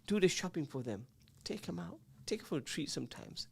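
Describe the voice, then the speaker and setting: Fast-talking man giving advice. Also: a little high, expressive, vocal fry, slightly rough. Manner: earnest, emphatic, lists points and repeats them. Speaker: radio show host. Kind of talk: advice-giving radio chat.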